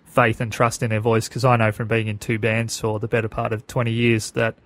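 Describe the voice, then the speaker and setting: A man hosts a podcast interview, asking earnest, measured questions. His voice is a bit off today and stays flat in pitch. The sound is close and dry, with no room in it. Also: no room sound. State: slightly unhealthy voice. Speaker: podcast host.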